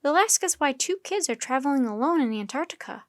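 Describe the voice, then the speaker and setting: A woman's voice: high-pitched, animated, fairly quick, dry recording, clean studio sound. A woman voicing a cautious, worried young boy in a storybook reading. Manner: hesitant, cautious, level tone.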